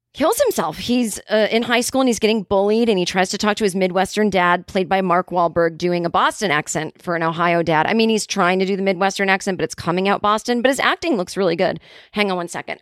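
A woman hosts her own podcast alone, riffing in a sarcastic, rambling way. Her voice sits at a middle pitch and is recorded dry, with no room sound. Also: no room sound. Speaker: podcast host. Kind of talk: solo podcast commentary.

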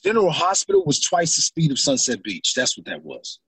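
Animated, husky-voiced actor telling stories. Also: male voice, fairly high pitch, brisk, dry recording. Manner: animated, acts out his own reactions. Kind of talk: interview storytelling.

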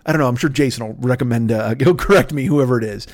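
A man hosting a podcast, riffing through a rambling comedy bit with excitable, profane, absurd tangents. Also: medium pitch, fast. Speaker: podcast host.

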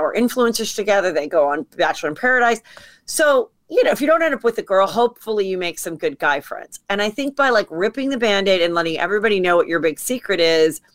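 A woman comedian telling stories as a podcast guest, chatty and quick to act out what people said. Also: mid-range voice. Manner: chatty storyteller acting out quotes. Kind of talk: casual podcast chat.

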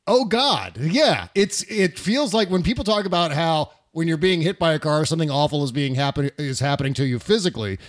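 A man's voice: fairly high pitch, lively intonation, a little fast, few pauses. A middle-aged man hosting a casual political chat, reflective and laughing often.

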